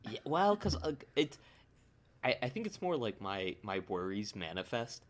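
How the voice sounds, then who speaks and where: Man, podcast co-host, rambling, self-deprecating, middle pitch. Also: sing-song, moderate pace. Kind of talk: casual film discussion.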